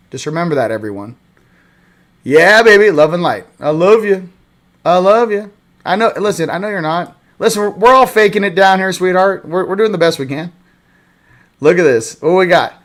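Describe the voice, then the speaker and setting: Man, spiritual livestream host, casual rambling chat, jokey, swings loud and soft. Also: sits high.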